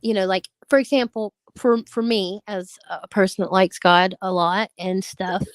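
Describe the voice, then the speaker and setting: A woman's voice: medium pitch, fairly even intonation, moderate pace, no room sound. A woman chatting casually as a guest on a stream, talking earnestly and rambling with many restarts. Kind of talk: casual chat.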